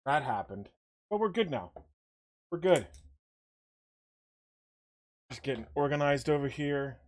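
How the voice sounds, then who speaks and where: A man's voice: fairly high pitch, sing-song, measured pace. A young man hosting a livestream, chatting casually with viewers and rambling while he paints figures, a little out of breath. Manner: rambling, talks while working, greets chat by name.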